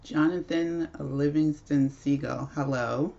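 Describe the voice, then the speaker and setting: A woman's voice: low-pitched, steady tone, slow pace, gravelly, warm tone, lo-fi sound. A woman hosting a casual livestream at home, telling a rambling story with frequent laughs. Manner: chatty, rambling, laughs often. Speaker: livestream host.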